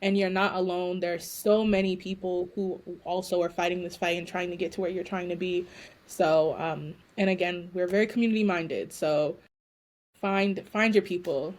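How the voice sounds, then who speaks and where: Woman guest on a podcast, lowish voice, relaxed and encouraging, loose phrasing. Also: moderate pace. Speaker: law school admissions dean, podcast guest. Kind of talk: casual interview.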